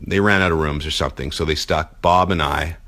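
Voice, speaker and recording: A man's voice: a bass voice, fairly even intonation, a little fast, sharp tone. A man hosting a casual podcast chat in a hotel suite, playful and laughing often as he spins hypotheticals. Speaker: podcast host.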